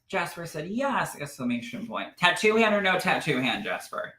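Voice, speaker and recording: A man's voice: medium pitch, very animated, moderate pace, few pauses, sharp tone, echoey room. A man hosting a live spiritual medium broadcast, reading viewer comments in a gushing, affectionate manner and calling people "my love.".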